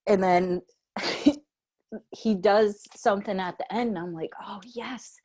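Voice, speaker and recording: A woman co-hosting a casual chat, telling a story in a slangy, animated way and jumping high in pitch when she quotes herself. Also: measured pace. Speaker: podcast co-host.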